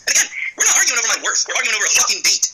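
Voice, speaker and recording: A man's voice: very high voice, wildly swooping pitch, rapid-fire, pushed and bright, breathy edge, low-quality recording. A man arguing insistently over the phone, agitated and swearing as he presses his case. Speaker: veteran caller. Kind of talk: heated phone call. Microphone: phone call recording.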